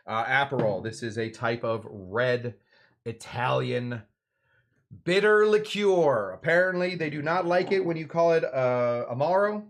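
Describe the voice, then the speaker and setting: A man's voice: medium pitch, animated, moderate pace, gravelly. A man hosting a live cocktail show, talking casually and digressively, with many fillers, asides and jokes. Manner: jokey, answers his own questions. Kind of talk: casual live drink-making demonstration.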